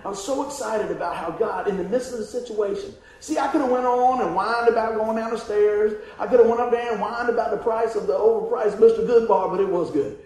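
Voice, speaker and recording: A man telling a folksy, animated testimony story as a preacher, often laughing and acting out the voices in his story. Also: sits high, a little fast, hardly any pauses. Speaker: evangelist preacher. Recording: heavily echoing hall with faint ambient noise.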